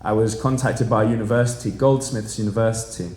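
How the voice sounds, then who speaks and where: A man's voice: fairly low pitch, fast talker, reverberant. A man in his thirties from the Channel Islands, a spoken word poet telling a story at a live library event and acting out quoted dialogue with energy. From Channel Islands, Jersey. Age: 30s. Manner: lively storyteller who acts out quoted dialogue. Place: public library event room.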